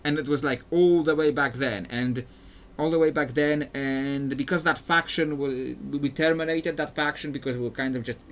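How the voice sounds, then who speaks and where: A man giving casual, rambling commentary while playing a video game, often restarting sentences and chuckling. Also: medium pitch. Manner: rambling, self-interrupting, chuckling. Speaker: gameplay streamer.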